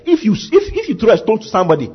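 A man preaches with a husky, high voice that leaps all over, acting out scenes and shouting at the peaks. The recording is muffled and lo-fi. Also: wildly swooping pitch, very fast. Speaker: pastor. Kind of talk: sermon.

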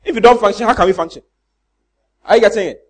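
A man's voice: high voice, fast. A man preaching a sermon, asking the congregation questions and mimicking church members for laughs. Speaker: pastor.

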